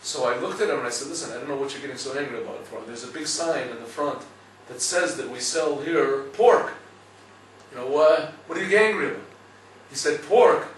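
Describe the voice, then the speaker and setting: A man giving a lively Torah class, telling stories and checking with listeners as he goes. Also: medium pitch, brisk, heavy reverb, distant mic, slight background noise, poor audio. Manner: storytelling, lively, asks listeners "right?". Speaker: rabbi teaching a class.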